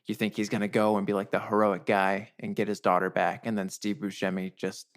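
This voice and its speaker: A man with a fairly low voice, co-hosting a movie podcast. He has an easygoing manner and retells film scenes in relaxed, casual chat. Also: fairly quick. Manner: easygoing, storytelling. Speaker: podcast co-host.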